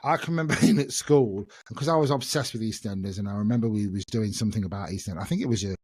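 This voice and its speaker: A man's voice: on the low side, very fast, a little mellow, slightly rough, no echo. A man, hosting a casual solo podcast and chatting in a self-mocking way, laughing often. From England. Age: 50s. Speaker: podcast host.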